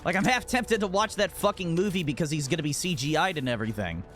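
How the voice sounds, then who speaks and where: A man's voice: fairly high pitch, lively intonation, fast talker, fairly bright tone, faint music behind. A man streaming a game, chatting casually and telling profane, joking stories in a rambling way. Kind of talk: casual live-stream chat.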